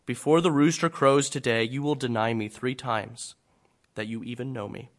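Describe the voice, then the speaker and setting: A man preaching a sermon voices Jesus as a calm, tender teacher, speaking softly and slowly. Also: mid-range voice, lightly acted. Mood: gentle. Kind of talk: dramatic scripture reading in a sermon.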